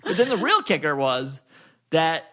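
A man's voice: fairly high pitch, unhurried. A middle-aged man co-hosting a podcast in casual chat, telling stories with lots of playful voices, recorded on a microphone at home. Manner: animated storyteller, jumps into playful voices. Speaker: podcast co-host. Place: home dining room. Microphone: studio microphone.

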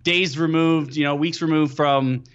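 A young man, a pro football player guesting on a podcast, telling stories excitably and leaning on "you know.". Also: a little high, unhurried, smooth, dull audio. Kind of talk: casual podcast chat.

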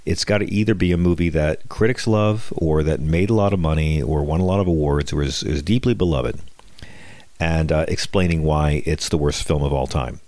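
Deep-voiced guy doing a snarky political podcast rant, dry close mic, keeps restarting his sentences. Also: moderate pace, darkish tone, no room sound. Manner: sardonic, wisecracking, lots of restarts. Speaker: podcast host. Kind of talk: comedic political monologue.

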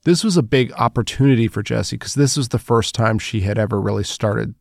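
A man hosting and narrating a podcast in a calm, explanatory tone, summing up his guest's story. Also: lowish voice, a little fast, gravelly, no room sound, studio quality. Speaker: host and narrator.

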